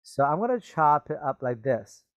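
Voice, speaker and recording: A man's voice: fairly high pitch, very animated, normal speed, dry recording, muffled recording. A man teaching a reading lesson, reading a story aloud and patiently explaining the words, often checking with "okay?" and "right?".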